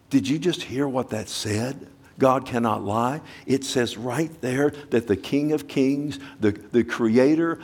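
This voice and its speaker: Male pastor, mid-range voice, impassioned sermon delivery with loud and soft swings. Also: mid-range voice. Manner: emphatic preaching with rhetorical questions, swinging between loud and hushed.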